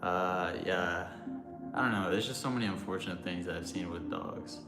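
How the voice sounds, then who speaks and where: Young man, very low voice, rambling livestream chat, lots of fillers, roomy sound, music underneath. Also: moderate pace, gravelly. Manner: loose, rambling, many fillers. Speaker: livestream host answering chat.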